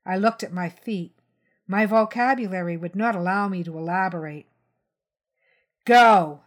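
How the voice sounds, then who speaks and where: A woman's voice: medium pitch, fairly even intonation, normal speed. Woman reading a crime story aloud. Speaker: reader. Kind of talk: audiobook narration of a crime short story.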